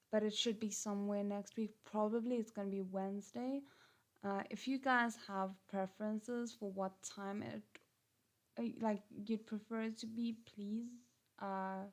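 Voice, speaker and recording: A woman from Africa, chatting casually on a livestream, hesitant with many ums, her voice a little gruff. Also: medium pitch. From South Africa. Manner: hesitant, many ums and restarts, thanks viewers. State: slightly gruff voice. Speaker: channel host on a livestream. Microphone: headphones and desk mic.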